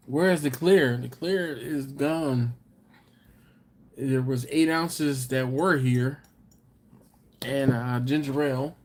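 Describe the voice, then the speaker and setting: A man's voice: medium pitch, drawn-out words, pauses often, a little mellow. A man hosting a live stream, casually chatting and reading viewer comments with easygoing chuckles. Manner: laid-back, chuckling, chatty asides to viewers.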